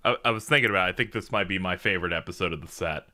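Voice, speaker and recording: A man's voice: low-pitched, racing, bright, forceful tone. A man co-hosting a podcast, bantering and laughing with his co-hosts. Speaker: podcast co-host. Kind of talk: casual chat.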